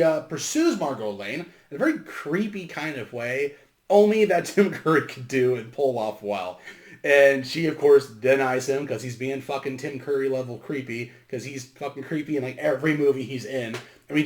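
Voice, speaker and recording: A man's voice: a little high, darkish tone. Sarcastic man recapping a movie, roomy echo. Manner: sarcastic, profane, rambling. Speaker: movie review host.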